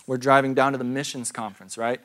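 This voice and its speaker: Man, pastor, sermon, church, casual storytelling, rhetorical questions, mid pitch. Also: level tone, quick pace, fairly bright tone.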